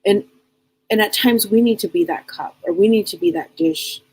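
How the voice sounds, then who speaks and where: A woman's voice: mid-range voice, moderate pace, darkish tone, breathy edge, rough recording. A woman hosting a live broadcast as a psychic medium, talking earnestly in a casual, rambling way and often repeating and restarting her words.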